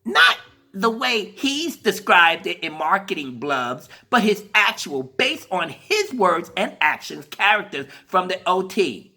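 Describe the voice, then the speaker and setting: A man putting on a mocking caricature of a smug nerdy male fan with a high, simpering voice. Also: very animated, measured pace, sharp tone, heavily acted.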